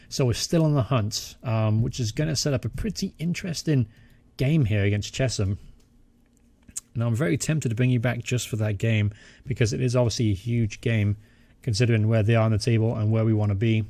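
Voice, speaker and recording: A young man giving excitable live commentary over a football management game, cheering at goals. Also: mid-range voice, no room sound. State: out of breath. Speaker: gaming channel host.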